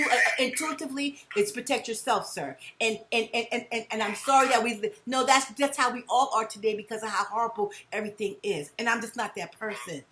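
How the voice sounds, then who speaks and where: On a heated phone call, a woman with a somewhat high, slightly bright voice reports a crime. She's insistent, stammering and repeating words as she presses her point, and keeps calling the other person "sir."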